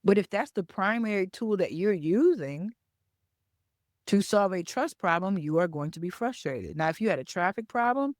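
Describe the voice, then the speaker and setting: A woman's voice: mid-range voice, lively intonation, normal speed, dry recording, studio quality. A woman hosting a solo podcast, teaching through a conversational story and checking in with the listener as she talks. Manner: conversational storyteller, keeps checking in with "okay?" and "right?"; repeats words for emphasis. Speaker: podcast host and business coach.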